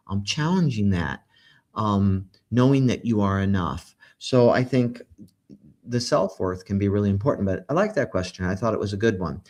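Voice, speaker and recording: A man hosting a conversational interview, reflective and affirming, pausing often to find his words. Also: lowish voice. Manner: warm, reflective, many fillers and restarts. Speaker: podcast host.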